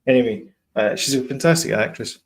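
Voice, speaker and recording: A man with a mid-range, brisk voice co-hosts a podcast, chatting casually as he meanders through stories about films and TV.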